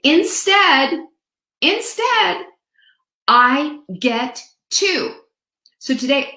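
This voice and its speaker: Her mid-range voice comes across pushed and bright in an echoey room as she hosts a motivational program. Chatty and playful with her audience, she keeps things upbeat, slipping in sung snippets and impressions of other voices.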